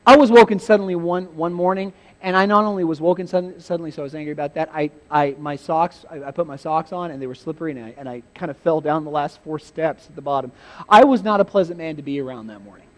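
A man with a notably high-pitched voice delivers a sermon as an animated, humorous storyteller. He chuckles often and bursts into loud acted-out lines before dropping back to a conversational tone. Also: quick pace. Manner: acts out biblical scenes with sudden shouted quotes. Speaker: pastor.

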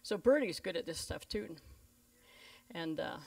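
This woman's voice is lowish and gravelly, and she keeps a measured pace. She's a pastor from Canada giving a sermon full of stories, acting out the people in them with lively flair. She sounds a little removed from the microphone.

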